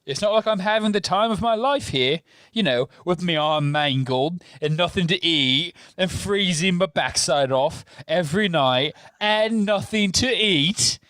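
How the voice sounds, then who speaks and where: Brief: man voicing a resentful teen boy wizard, swooping lively delivery, sulky and bitter. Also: high voice, measured pace, smooth, dry recording. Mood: grumbling. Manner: bitter, complaining, dramatic. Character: sulking angry teenage boy wizard. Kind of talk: podcast read-through of a scene.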